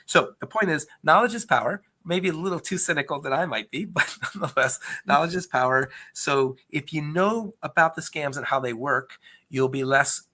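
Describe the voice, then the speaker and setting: This man's voice sits on the high side and sounds pushed and bright. Representing a government agency, he fields questions about investor fraud in a conversational Q&A presentation, earnestly explaining and frequently starting his sentences over.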